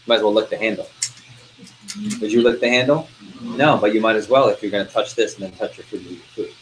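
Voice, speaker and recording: A man's voice: on the low side, fairly even intonation, quick pace, slight background noise, low-quality recording. A man running a sales training session, speaking energetically and constantly firing questions at his class. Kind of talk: interactive training talk.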